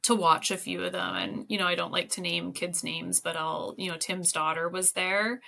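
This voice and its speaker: A woman's voice: lowish voice, flat delivery, normal speed, gravelly, bright, forceful tone. A woman educator, a guest on an interview podcast, telling anecdotes casually with lots of laughter and fillers.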